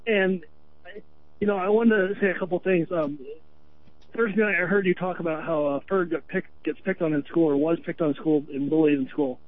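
Radio caller, high-voiced Vermont man, earnest and rambling, thin phone-line sound. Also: fairly even intonation, fairly quick. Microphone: telephone.

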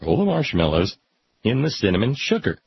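A man reading aloud with sardonic, deadpan asides. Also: fairly low pitch, fairly quick, gravelly, breathy edge, no echo. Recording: dull lo-fi recording.

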